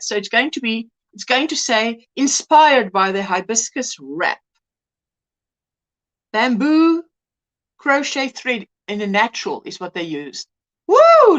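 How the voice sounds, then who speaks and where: Her voice sits high and sounds a bit bright. In a relaxed crochet livestream, this host chats away, gets excited about projects, and calls out viewers by name.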